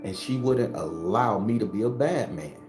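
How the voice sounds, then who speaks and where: A man's voice: on the low side, expressive, moderate pace. A man, giving a blunt, profane personal testimony to his viewers. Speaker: spiritual video host. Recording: roomy echo with music behind.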